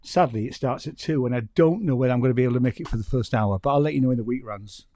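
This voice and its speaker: Man, Yorkshire accent, mellow, dry close sound, rambling, self-deprecating. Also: medium pitch, rapid-fire, no room sound. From York, England. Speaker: podcast guest. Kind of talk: casual chat.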